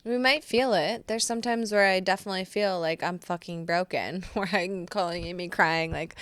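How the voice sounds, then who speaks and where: A woman's voice: on the low side, normal speed, hardly any pauses, a bit bright, no room sound. A woman co-hosting a casual podcast chat, chatty and affirming, swearing freely as she talks. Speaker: podcast co-host.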